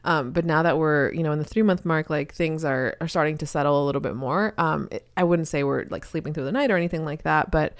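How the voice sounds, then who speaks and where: A woman's voice: low voice, fast talker, hardly any pauses, no room sound, studio quality. A woman co-hosting a podcast, a new mother, talking candidly and animatedly in casual chat. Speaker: podcast co-host.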